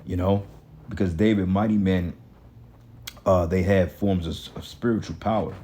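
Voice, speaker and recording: Angry cursing preacher man, low voice. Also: fairly even intonation, moderate pace, warm tone, husky. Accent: African American Vernacular English. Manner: reads scripture aloud. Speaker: street preacher. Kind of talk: profane street sermon.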